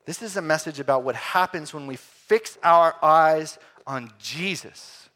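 A man preaching a sermon, swinging between loud emphatic lines and quiet, hushed ones. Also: fairly high pitch, unhurried.

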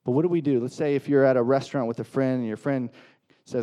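A man delivers a sermon in a casual, conversational way. His voice is mellow and dark, at an ordinary pitch. He leans on rhetorical questions and briefly acts out the people he quotes. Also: fairly even intonation, quick pace. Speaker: pastor.

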